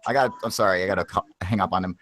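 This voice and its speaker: A man's voice: sits low, racing, fairly bright tone. A man hosting a casual live chat, talking in a rambling, emphatic way and swearing heavily. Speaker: host.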